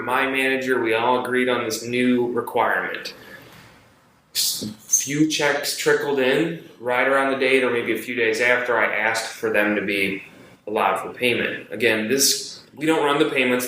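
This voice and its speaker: A man co-hosting a podcast, telling an animated story about his workday and mimicking the people in it. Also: a little hiss or hum. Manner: animated storyteller, mimics others in high voices. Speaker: podcast co-host. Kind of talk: casual chat, telling a work story. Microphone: phone. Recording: echoey room on a phone.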